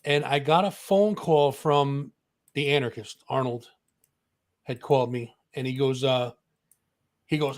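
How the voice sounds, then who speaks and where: A man's voice: mid-range voice, a little slow. A man co-hosting a music talk show, telling a story in casual chat and acting out the voices of the people in it.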